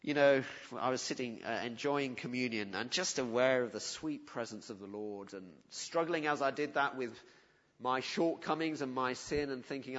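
A man's voice: medium pitch, moderate pace. Earnest preacher man in a reverberant hall. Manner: earnest, pleading, shifts to soft and quiet. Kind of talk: sermon. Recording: dull audio with long hall reverb.

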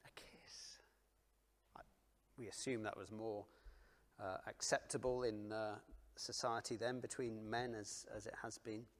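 A man preaching a sermon, earnest and dramatic, dropping to hushed near-whispers and then rising to loud emphasis, asking his listeners direct questions. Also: medium pitch.

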